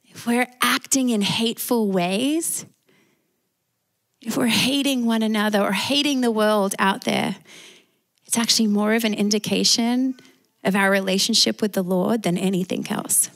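A woman's voice: medium pitch, normal speed, creaky. A woman with an Australian accent preaching a sermon as pastor, calling out for amens from the congregation. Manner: preaching with call-and-response amens.

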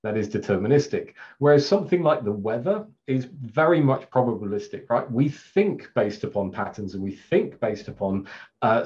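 Medium in pitch with a darkish tone, this middle-aged Englishman speaks with an English accent as a Scrum trainer giving a casual video-call presentation. He's chatty and self-deprecating, laughing often and leaning on lots of fillers. His audio comes through as slightly dull, lo-fi webcast sound.

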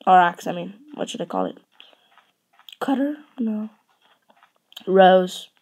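A woman's voice: fairly low pitch, animated, slow, a little mellow, slightly rough. A woman chatting and rambling playfully while playing a building game. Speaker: let's play host. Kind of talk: casual gameplay chat.

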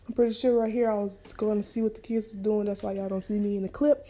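Chatty young mom vlogger. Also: female voice, medium pitch, fast talker. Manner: chatty, relaxed, many fillers, speaks straight to viewers. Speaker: vlogger and mother. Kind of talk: casual cooking vlog chat. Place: home kitchen, indoors.

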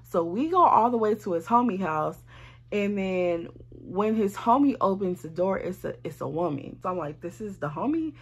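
A young woman from Arizona telling a casual storytime, animated and blunt, swearing freely. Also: mid-range voice, normal speed, slightly rough. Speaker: vlogger.

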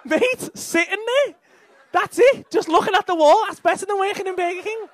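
A man's voice: very high voice, moderate pace, a bit bright. A young man with a Liverpool accent doing brash, sweary crowd work as a stand-up comedian on a club stage. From England.

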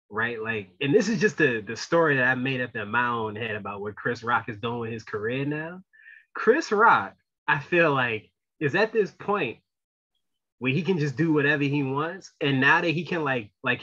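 Husky bright-voiced man chatting. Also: mid-range voice. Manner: rambling, emphatic, trails off quietly. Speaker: podcast co-host. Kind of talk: casual chat. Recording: dull lo-fi sound.

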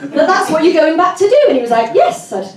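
A British woman performing a stand-up comedy set, telling stories in an animated way and bursting into shouted voices. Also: very high-pitched, quick pace. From Britain. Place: comedy club with a loud audience. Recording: echoey club from far off, loud crowd.

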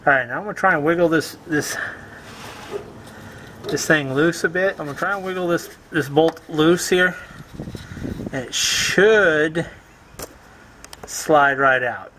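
A man's voice: fairly high pitch, normal speed, pauses often, a bit bright, a little hiss or hum. A man hosting a homestead channel, talking viewers through a car repair in his garage in a chatty, self-mocking way while he works. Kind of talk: casual DIY repair tutorial. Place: home garage beside a car.

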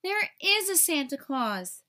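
A woman's voice: sits high, big pitch swings, slow pace, sharp tone, voice pushed up, heavily acted. A woman reading aloud and voicing a hopeful, determined little girl in an earnest tone. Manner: earnest, pleading.

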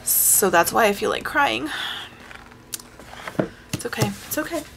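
A woman vlogger chatting casually while showing her coloring books, rambling and self-deprecating, with sighs and hushed asides. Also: a little high, lively intonation, measured pace, creaky, heavy background noise. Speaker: craft vlogger.

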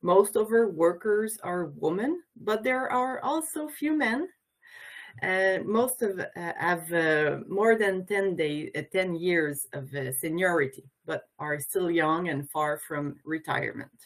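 A woman's voice: fairly low pitch, unhurried. A woman with a Quebec French accent, French being her first language, giving a symposium talk as a childcare educator and union representative over a video call, hesitant with many fillers and restarts. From Quebec, Canada. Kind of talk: symposium presentation. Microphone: video call mic.

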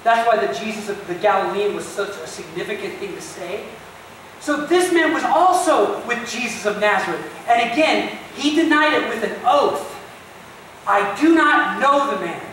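A man preaching a sermon as a pastor, telling the story with animated emphasis and speaking directly to his listeners. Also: high-pitched, moderate pace, slight background noise. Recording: very echoey distant church recording.

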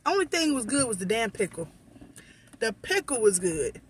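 A woman's voice: fairly high pitch, big pitch swings, normal speed, slight background noise. Woman vlogger, casual and blunt, swears freely, talks to viewers as y'all, phone mic. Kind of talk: casual vlog chat.

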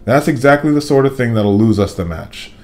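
A man's voice: mid-range voice, expressive, a little fast, voice pushed up, lightly acted. A man doing a stern teen team captain. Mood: urgent. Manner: stern, shouting. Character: intense teenage team captain.

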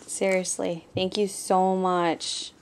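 With a fairly low voice and a faint hiss or hum in the background, a young woman on her crafting vlog unwraps a gift. She gushes, calls her viewers "guys", and keeps repeating "oh my gosh" in surprise.

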